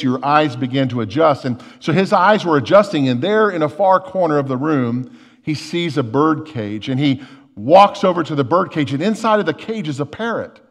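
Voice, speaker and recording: A man's voice: a little high, in a large hall. A male lead pastor giving a conversational sermon, repeating words as he thinks, recorded in a church. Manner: conversational, repeats words while thinking, tells a joke story.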